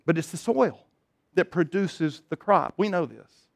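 A man's voice: fairly high pitch, lively intonation, measured pace, gravelly. A man preaching a sermon, telling funny personal stories and building to emphatic appeals. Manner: storytelling, self-deprecating humor, rising emphatic appeals. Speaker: pastor.

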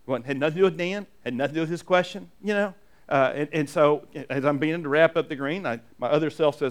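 A man preaching a sermon, telling a personal story with animated, restart-heavy delivery. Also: high voice, fast, clean tone. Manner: animated storytelling, acts out inner dialogue; many restarts and repeated "and". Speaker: pastor.

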